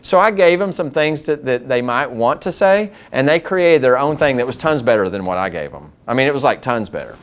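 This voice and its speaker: A man running a staff training session on customer service, speaking to a live group in a meeting room. He talks at an everyday middle pitch and tells stories with lively acted-out dialogue. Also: brisk, few pauses. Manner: lively storyteller who acts out dialogue. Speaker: school district staff trainer.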